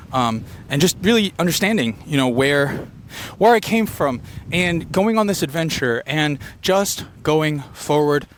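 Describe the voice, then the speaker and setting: A man doing an unfiltered stream-of-consciousness comedy monologue, rambling and fast-talking with quick tangents. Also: on the high side, a bit bright, slight background noise. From Filipino heritage. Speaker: comedian podcaster. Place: beach location outdoors.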